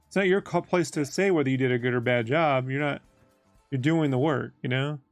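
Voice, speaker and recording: Host voice: man, gravelly, dry close sound, opinionated banter over faint music. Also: medium pitch, fairly quick, no room sound. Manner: teasing, opinionated. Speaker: podcast host, painting on stream. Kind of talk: casual chat.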